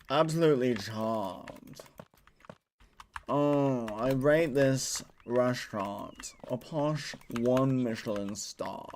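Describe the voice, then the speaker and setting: A man voicing a snobby rich male restaurant critic with a drawn-out, posh, snooty accent. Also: mid-range voice, creaky, slight background noise, exaggerated voice.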